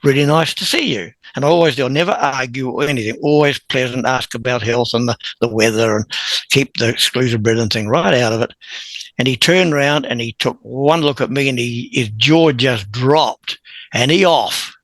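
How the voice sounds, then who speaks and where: A man, a podcast guest telling a long story in a lively, chuckling way. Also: medium pitch, normal speed, dry recording, rough recording. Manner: animated anecdote-teller who chuckles and clears his throat. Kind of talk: conversational storytelling.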